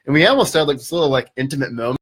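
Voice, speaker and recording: A man telling a story as a podcast guest, casual and animated, with lots of fillers. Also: medium pitch, rapid-fire, breathy edge.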